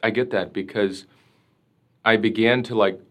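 Earnest, reflective man with a lowish voice. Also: fairly even intonation, unhurried, fairly bright tone. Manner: earnest and reflective, with many "like" fillers. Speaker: priest, interview guest. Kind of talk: personal storytelling in conversation.

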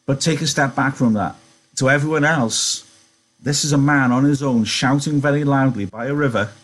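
A man's voice: medium pitch, moderate pace, a bit bright, poor audio. A man teaching literature, reading aloud and analysing a novel in a conversational way, with rhetorical questions.

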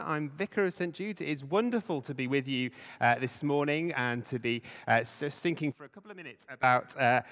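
A vicar giving a conversational Easter sermon in a church, with some hesitant fillers. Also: male voice, fairly high pitch, bright, forceful tone. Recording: long church reverb.

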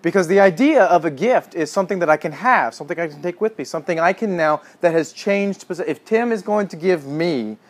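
A man giving a conversational sermon to a small congregation, earnest and animated, often dropping to a hushed tone. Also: high-pitched, fairly quick, hardly any pauses. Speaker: pastor or Bible teacher. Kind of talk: conversational teaching talk.

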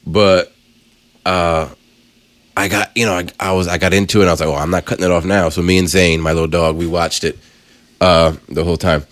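A male podcast co-host excitedly retelling a film in casual chat. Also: low voice, fairly quick, no room sound. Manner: excited, animated storytelling.

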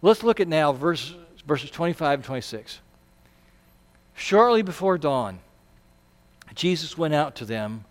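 A man with a high, smooth, resonant voice preaches to his congregation in a church sanctuary. His delivery is conversational, with sudden loud bursts when he acts out a quote. A long reverb trails every phrase. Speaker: pastor. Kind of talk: sermon.

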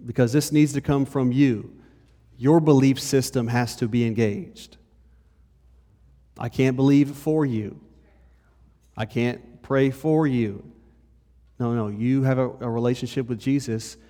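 A male pastor giving a conversational sermon. He moves between lively and hushed delivery and speaks straight to the congregation. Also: mid-range voice, unhurried, long pauses. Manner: conversational preaching, shifts between animated and hushed. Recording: long hall reverb.

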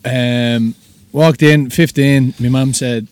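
A man's voice: medium pitch, moderate pace, darkish tone, no echo. A man with a Dublin Irish accent hosting a casual podcast, bantering in a laid-back, sweary way. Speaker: podcast host.

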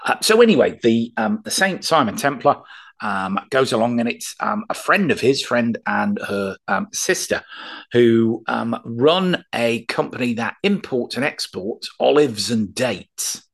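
A man's voice: medium pitch, expressive, unhurried, gravelly, slightly rough. A man co-hosting a podcast, chatting casually with jokey asides and frequent hesitant ums. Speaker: podcast co-host. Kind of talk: casual chat about old TV.

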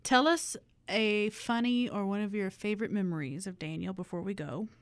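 A woman's voice: medium pitch, moderate pace, no echo. A woman hosting a podcast interview, encouraging and friendly with her guest. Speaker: podcast host. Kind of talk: casual interview chat.

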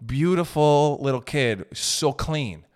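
A young man telling comic stories in a loose, profane rant, riffing with quick asides. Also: on the high side, lively intonation, clean tone. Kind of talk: comedic storytelling rant.

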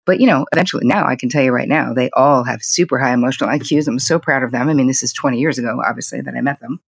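A woman's voice: extremely low pitch, rapid-fire, creaky, slightly rough, no room sound. A middle-aged woman, a psychotherapist, talking candidly and animatedly as a podcast guest. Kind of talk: podcast interview.

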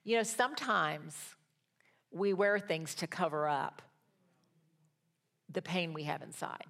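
An older woman teaching a Bible study in a sermon style, telling stories that move from hushed to rousing. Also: mid-range voice. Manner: storytelling, swings from hushed to rousing.

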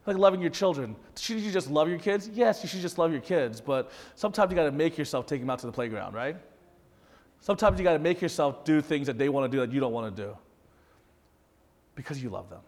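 A man's voice: medium pitch, fast, big-room sound. A man in his thirties preaching a sermon as a pastor, talking conversationally and animatedly to his congregation. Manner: conversational, animated, addresses audience directly.

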